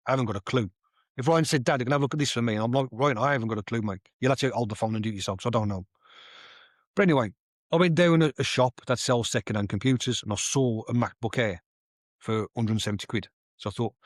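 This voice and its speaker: A man's voice: mid-range voice, no echo, studio quality. A middle-aged man hosting a podcast, ranting casually and swearing freely as he rambles through a story. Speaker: podcast host. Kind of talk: casual rant.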